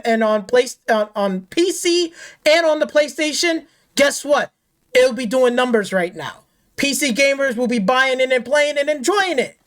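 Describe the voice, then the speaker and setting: A woman with a somewhat high voice rants off the cuff about games. She swears constantly, repeats phrases and keeps asking rhetorical questions in a heated tone. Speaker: gaming channel host. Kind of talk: angry off-the-cuff rant.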